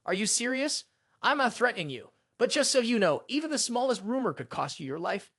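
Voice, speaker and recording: A haughty male butler who sneers and talks down to a poor family, voiced by a recap narrator. The tone drips with sarcasm, and the pitch swings widely. The sound is dry and close, with no room around it. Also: sing-song, fairly quick, a bit bright, no echo. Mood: warning. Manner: sarcastic, condescending. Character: arrogant, mocking male noble's butler.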